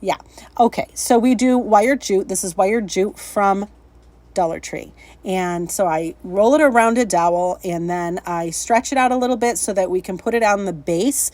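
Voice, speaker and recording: A woman's voice: mid-range voice, normal speed, a little mellow, no room sound. A woman hosting a casual craft tutorial vlog, chatty and upbeat, laughing at her own slips. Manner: chatty, upbeat, self-deprecating, laughs often. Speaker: craft channel host.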